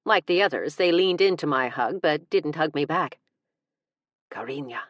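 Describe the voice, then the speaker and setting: A woman's voice: deep voice, moderate pace, dry recording, lo-fi sound. A woman reading a first-person audiobook in a wry, comic manner, close to a studio mic. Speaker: audiobook narrator.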